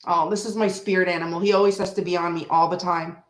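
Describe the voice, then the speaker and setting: A woman's voice: on the low side, steady tone, fast. Woman just chatting away at home, rambly and loose, hums bits of old songs, coos at her cat. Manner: chatty and rambling, breaks into humming and singing song snippets; talks softly and affectionately to her cat. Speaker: tarot reader and channel host. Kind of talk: casual chat on a live reading.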